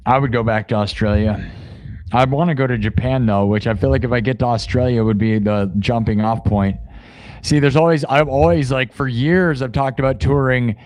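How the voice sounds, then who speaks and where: A man's voice: medium pitch, normal speed, a little mellow. Chatty rambling man on a live stream. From United States. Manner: rambling, self-correcting, chatty. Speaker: live-stream musician host. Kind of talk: casual chat to live-stream viewers.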